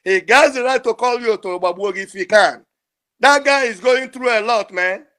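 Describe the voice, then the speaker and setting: A man's voice: very high voice, moderate pace, sharp tone. An older man, calling in to a show and speaking in an emotional, pleading, repetitive way. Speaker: caller. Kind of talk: impassioned call-in speech.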